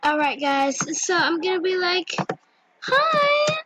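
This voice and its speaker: A young female gaming vlogger chatting casually and giggly over her gameplay, with squealing excited asides. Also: high-pitched, normal speed, very noisy. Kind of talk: casual game commentary.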